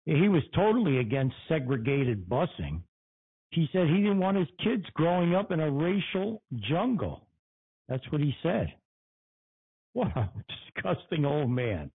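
A man's voice: a little high, husky. A man hosting his own talk show, ranting furiously and profanely, repeating phrases for emphasis. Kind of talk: angry political rant. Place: Connecticut. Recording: tinny phone-like sound.

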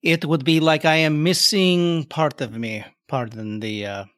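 A man's voice: a little high, unhurried, a bit bright, no echo, clean studio sound. A man playing a tabletop game in character, speaking formally and courteously. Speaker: player. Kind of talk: in-character tabletop role-play.

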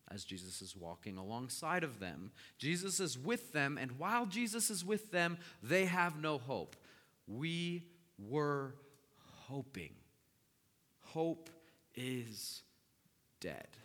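A male pastor preaches with a bright, forceful voice. He retells the story with animated swings between soft, slow lines and loud, emphatic ones. A long hall reverb trails after every phrase. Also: medium pitch. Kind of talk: sermon.

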